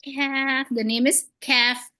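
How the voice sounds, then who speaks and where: A woman's voice: high-pitched, level tone, takes it slowly, pushed and bright, smooth, dry recording. A woman teaching beginners to read, patient and encouraging, with playful memory tricks and frequent praise. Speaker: Quran reading teacher. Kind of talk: one-on-one beginner lesson.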